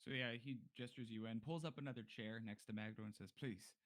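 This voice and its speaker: A man's voice: medium pitch, steady tone, fast talker, a bit bright. A man as game master, narrating a tabletop game in a loose, chatty way with fillers.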